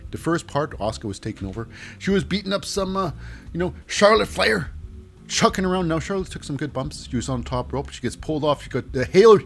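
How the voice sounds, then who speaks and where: Rambling wrestling recap guy. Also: a little high. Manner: jokey, rambling, lots of fillers. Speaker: wrestling show reviewer. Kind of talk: casual recap commentary.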